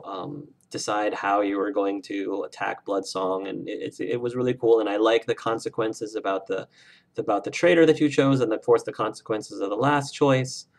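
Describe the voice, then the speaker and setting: A man's voice: lowish voice, steady tone, normal speed, gravelly. A man hosting a game livestream, chatting casually with viewers in an effusive, emotional way. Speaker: let's play streamer.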